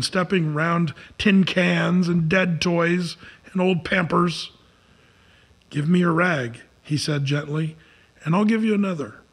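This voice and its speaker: Husky man retelling a story. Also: fairly high pitch, fairly bright tone. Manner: earnest, with slips and restarts.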